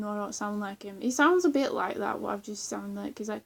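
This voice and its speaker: A woman's voice: medium pitch, fairly quick, gravelly, few pauses. A young woman chatting casually in a vlog, rambling with lots of fillers, restarts and giggles. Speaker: vlogger. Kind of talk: casual chat.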